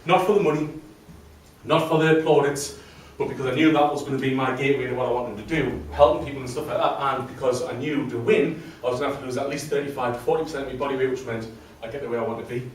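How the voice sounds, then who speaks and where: A man talks fast in a mid-range voice with fairly even intonation, telling his own tale to a live audience in a chatty, self-deprecating manner. Faint ambience, a little hiss or hum, and heavy room echo come from the distant mic.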